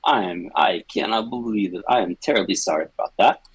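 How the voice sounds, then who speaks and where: A fawning traveling salesman with a homespun drawl, as a man puts him on at the gaming table. The voice sits deep and slightly husky, recorded close and dry. He is slick and eager to please. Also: fairly quick, dry recording, low-quality recording. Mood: smooth, apologetic. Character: slick smooth-talking male traveling salesman.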